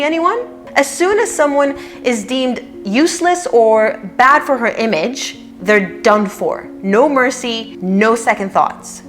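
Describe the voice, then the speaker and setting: A woman hosts a commentary vlog, her voice sitting a little high. She talks in a sarcastic, mocking way, with soft music faint underneath. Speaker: commentary channel host.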